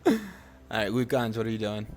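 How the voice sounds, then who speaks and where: A man's voice: fairly low pitch, steady tone, brisk, noisy background. Easygoing male game master. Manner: easygoing, prompting players. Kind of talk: running a tabletop game.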